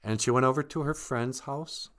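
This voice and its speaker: A man's voice: medium pitch, normal speed, a bit bright. A man casually retelling a story on a live stream, joking and chuckling.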